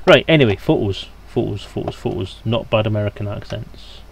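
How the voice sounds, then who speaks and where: A man's voice: lowish voice, brisk, creaky, a little hiss or hum. A British man from Scotland, streaming a game and chatting casually with his viewers as he plays. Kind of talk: casual live-stream gaming commentary.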